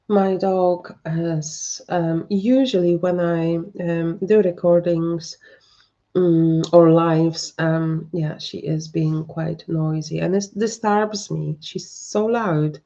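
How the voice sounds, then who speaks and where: Woman medium on a live stream, hesitant and slow, gravelly mellow voice, dull lo-fi audio. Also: lowish voice. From lives in northern Scotland, learned English there. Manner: hesitant, full of ums and restarts. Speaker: psychic medium giving live readings. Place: at home with a dog.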